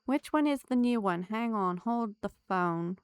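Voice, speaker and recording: A woman's voice: medium pitch, lively intonation, measured pace, smooth, dry recording. A woman live-streaming a game, chatting to her viewers and laughing often. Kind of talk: live gameplay streaming chat.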